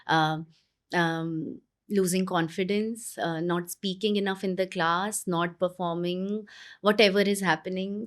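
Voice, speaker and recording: A woman, a parenting coach speaking earnestly in an interview, pausing and restarting her thoughts. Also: medium pitch. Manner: earnest, with many pauses and restarts. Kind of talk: conversational interview advice.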